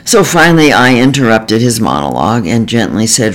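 A man, a therapist, reading a self-help book in a measured, earnest and gentle way. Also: mid-range voice, lively intonation, low-quality recording. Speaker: therapist author. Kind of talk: scripted self-help narration.

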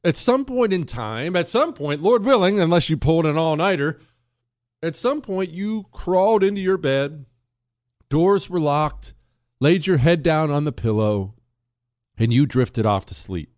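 A male radio host delivers a dramatic monologue into a studio mic, dropping to a hush and then pressing hard. His voice sits a little high, and the sound is dry and close. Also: animated, unhurried, no room sound. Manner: dramatic storytelling, shifting between hushed and emphatic. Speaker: radio talk show host. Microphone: studio microphone.

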